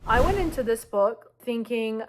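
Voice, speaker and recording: A woman's voice: fairly high pitch, animated, moderate pace, a little hiss or hum. Gushing young woman book vlogger. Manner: dramatic and gushing. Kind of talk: casual book review vlog.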